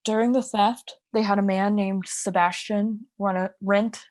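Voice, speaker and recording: A woman's voice: mid-range voice, fairly even intonation, a little slow, darkish tone, dry recording, clean studio sound. A young woman co-hosting a podcast, telling a crime story in a casual, chatty way with asides and restarts. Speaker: podcast co-host.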